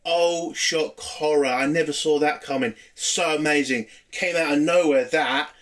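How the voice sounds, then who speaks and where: A man's voice: fairly high pitch, fairly even intonation, measured pace, a bit bright. Sarcastic man reviewing TV. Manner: sarcastic, swearing, rambling recap. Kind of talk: casual spoken review.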